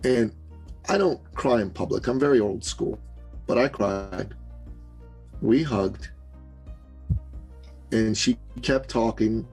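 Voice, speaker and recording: Gravelly man telling a story. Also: fairly low pitch, takes it slowly, pauses often, a little mellow, faint music behind, low-quality recording. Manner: earnest, conversational storytelling with asides. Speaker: podcast guest, business coach. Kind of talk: storytelling in an interview.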